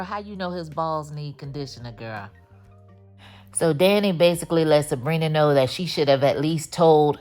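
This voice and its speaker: A woman giving a casual, animated recap of a TV episode, full of slang and her own commentary. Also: low voice. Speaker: TV recap host.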